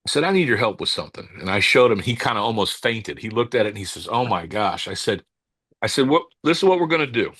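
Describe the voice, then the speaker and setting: A man, a cigar company owner and podcast guest, telling stories in a casual interview, halting and restarting as he searches for words. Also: fairly low pitch, slightly rough, no echo. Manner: calm, unhurried anecdote telling.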